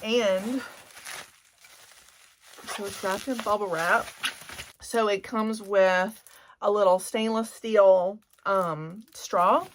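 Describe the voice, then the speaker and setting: A woman's voice: mid-range voice, fairly even intonation, extremely slow, pauses often. A woman in her forties with a Cajun Louisiana accent, chatting candidly and gushing emotionally as a beauty vlogger. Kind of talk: candid vlog chat.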